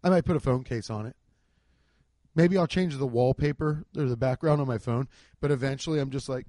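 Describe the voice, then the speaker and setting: A man doing a casual comedic rant, profane and excitable, acting out the voices of people he quotes, on a handheld mic. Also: medium pitch, a little fast, dry recording. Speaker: stand-up comedian. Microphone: handheld microphone.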